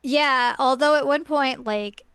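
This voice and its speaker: A woman's voice: high-pitched, a little slow, a bit bright, smooth, dry recording, clean studio sound. A woman co-hosting a podcast, chiming in with reactions and extra scene details in casual chat. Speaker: podcast co-host.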